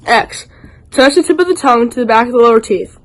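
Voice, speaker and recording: Woman presenter with a higher voice, walking through mouth positions. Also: animated, fast talker, poor audio. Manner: explains pronunciation step by step. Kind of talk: classroom presentation.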